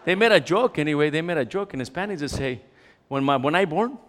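In a reverberant church hall, a Latin American man with a fairly high pitch preaches briskly and with humor. Animated and full of jokes, he switches into some Spanish and plays the part of complainers.

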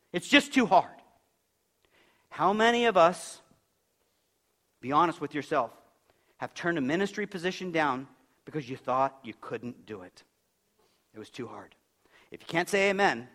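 A man's voice: on the high side, animated, moderate pace, pauses often, fairly bright tone. A man preaches a sermon in a church. He speaks conversationally and keeps asking the congregation questions. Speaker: pastor.

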